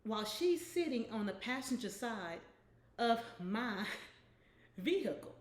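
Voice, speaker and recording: A woman's voice: on the high side, very animated, slow pace, reverberant. A woman hosting a weekly inspirational devotional, talking conversationally and often checking in with "right?". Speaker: devotional host.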